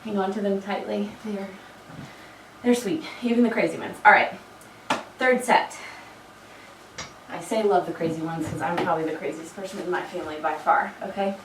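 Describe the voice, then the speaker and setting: Recorded from afar in a noisy, echoey room, a woman fitness coach counts reps at a moderate pace. Her mid-range voice holds a steady tone and sounds a touch froggy. She keeps up encouraging, chatty asides between the counts.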